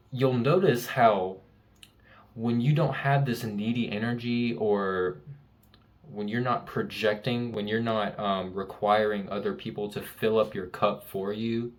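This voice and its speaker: A young man giving an earnest, emphatic motivational talk, repeating key lines and swearing casually. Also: lowish voice. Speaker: self-help speaker.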